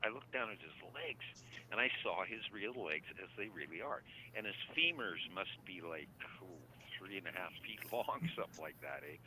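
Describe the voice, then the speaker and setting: Caller, male, lively rambling storyteller, bright forceful tone, faint radio hiss. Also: sits low, poor audio. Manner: rambling, animated storytelling with repeated restarts. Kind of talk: late-night call-in storytelling. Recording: radio broadcast with faint noise.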